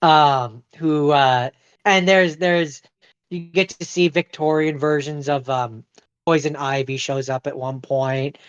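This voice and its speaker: A man's voice: a little high, steady tone, slow pace, clean tone. A man co-hosting a casual podcast, hesitant with many ums. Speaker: podcast co-host. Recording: dry, slightly dull close mic.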